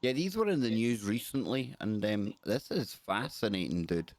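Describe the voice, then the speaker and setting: A man's voice: on the low side, expressive, moderate pace, dry recording. A man hosting a live talk show, curious and enthusiastic as he questions guests. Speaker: host. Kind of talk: casual talk show chat. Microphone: own mic, hears call echo.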